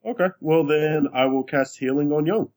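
A man playing a tabletop game, talking through his character's moves in a wry, casual way. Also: on the high side. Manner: slow, animated, wry. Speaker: player.

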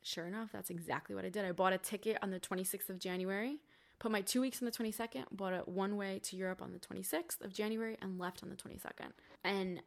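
A woman's voice: medium pitch, steady tone, quick pace, creaky. A young woman, a podcast guest, telling her story in a candid, casual way, swearing freely and saying "like" a lot. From Cuban family.

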